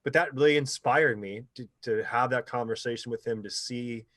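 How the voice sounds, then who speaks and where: A man's voice: medium pitch, normal speed, no room sound. A man in his thirties, a guest telling stories in a casual interview, rambling with lots of fillers. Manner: rambling with many fillers, animated when quoting others. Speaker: podcast guest, pro paintball player.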